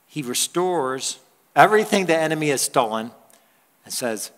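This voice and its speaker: A man's voice: a little high, lively intonation, normal speed, fairly bright tone. Man preaching in a reverberant church. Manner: conversational preaching with stories and laughs. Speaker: pastor. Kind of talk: sermon. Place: church hall. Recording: long church hall reverb.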